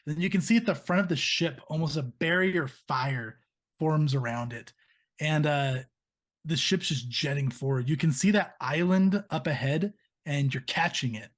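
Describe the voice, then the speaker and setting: A man's voice: on the high side, moderate pace. Man narrating as game master. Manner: vivid, steady scene narration.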